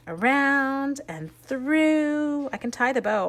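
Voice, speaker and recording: A woman's voice: high voice, lively intonation, slow pace, fairly bright tone. Chatty woman demoing a craft project. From Canada. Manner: chatty, self-deprecating, talks while working with her hands. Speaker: stamping and card-making demonstrator. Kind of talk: casual crafting tutorial.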